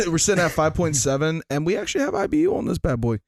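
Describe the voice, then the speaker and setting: A man's voice: a little high, huge pitch swings, quick pace, gravelly, dry recording, studio quality. A man co-hosting a casual podcast, presenting a beer in a loose, laid-back way with fillers. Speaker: podcast co-host. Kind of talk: casual chat, beer review.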